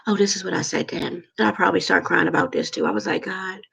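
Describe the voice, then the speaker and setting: A woman talking to her viewers in a rambling, halting, heartfelt way about prayer and loneliness. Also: medium pitch, fairly even intonation, gravelly, a bit bright, slightly rough, poor audio. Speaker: vlogger. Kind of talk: casual heartfelt monologue.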